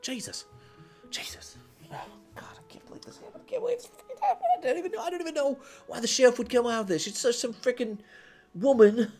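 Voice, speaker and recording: A jittery young henchman who has just killed someone, with a high, breathless voice cracking into near-shrieks. He rushes his words in a panicked babble, and his pitch leaps all over. Faint music plays underneath. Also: animated, darkish tone.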